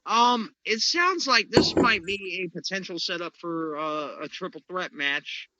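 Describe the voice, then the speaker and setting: A man's voice: high voice, animated, unhurried, very noisy. A man co-hosting a casual podcast, rambling through opinions with many fillers. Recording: dull, dry lo-fi mic.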